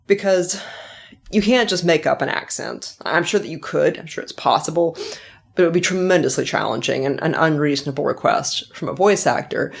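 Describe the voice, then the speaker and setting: A middle-aged woman, an author hosting her own podcast, reflecting in a chatty way and laughing now and then. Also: deep voice. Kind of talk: casual author commentary.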